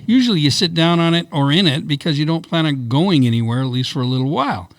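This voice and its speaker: A man's voice: on the high side, expressive, fast, dry recording, clean studio sound. A middle-aged man co-hosting a casual podcast, reading out news items with laughs and stumbles.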